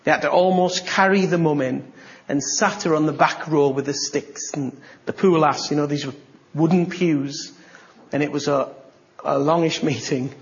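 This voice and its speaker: A man preaching a sermon, telling a story and acting out the dialogue, with sudden bursts of excitement. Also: fairly high pitch, dull audio.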